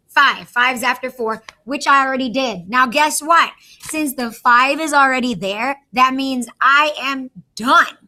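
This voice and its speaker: Bright-voiced woman teaching math. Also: a little high. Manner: patient, step-by-step explaining. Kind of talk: math lesson walkthrough.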